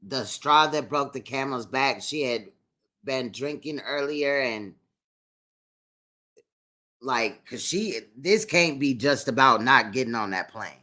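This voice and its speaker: A woman's voice: rumbling low, takes it slowly, sharp tone. A woman commenting on police footage in a blunt, sarcastic, casual way. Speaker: true crime commentator.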